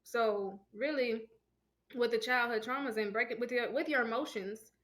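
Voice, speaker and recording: A woman's voice: on the high side, moderate pace, fairly bright tone. A woman co-hosting a podcast in casual chat, earnest and giving advice. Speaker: podcast co-host.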